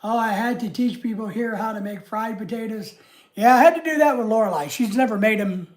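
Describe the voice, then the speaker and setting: A woman's voice: on the high side, brisk, darkish tone. A woman with a Southern US accent hosting a livestream, chatting casually with viewers in a rambling, homey way. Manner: rambling and homey, chatting easily with frequent asides. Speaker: livestream host.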